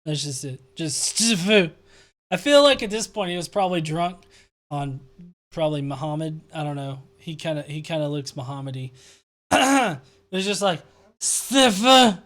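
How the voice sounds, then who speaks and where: A man's voice: a little high, expressive, moderate pace, a bit bright. A young man hosting a live stream, reading viewer comments aloud and mocking them with laughter and constant swearing. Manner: profane, laughing, sarcastic. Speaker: show host.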